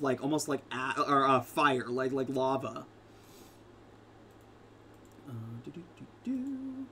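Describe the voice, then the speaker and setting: Bright-voiced man narrating as game master. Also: on the high side, a little hiss or hum. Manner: rambling, full of fillers like "like" and "um".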